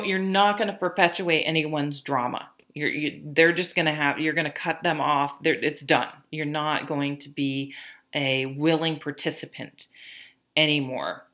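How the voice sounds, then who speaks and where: Low-voiced woman giving a chatty tarot reading. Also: unhurried, a bit bright. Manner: chatty, many fillers and restarts; laughs at her own stories. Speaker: tarot reader.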